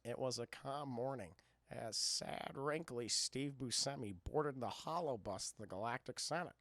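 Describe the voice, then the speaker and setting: A man doing an impression of a famous older film director, reading a story aloud in a low, quiet, drawn-out monotone. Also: dry recording, studio quality, lightly acted. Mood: mock solemn.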